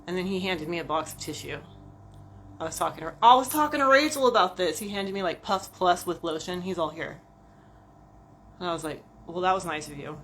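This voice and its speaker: A woman's voice: fairly low pitch, animated, fast talker, fairly bright tone, a little hiss or hum. A woman vlogger chatting casually and profanely on a livestream, rambling and talking to viewers like friends.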